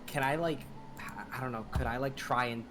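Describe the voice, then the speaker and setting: A man's voice: medium pitch, a little fast, noisy background. A man playing a tabletop game, talking casually and joking. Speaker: player.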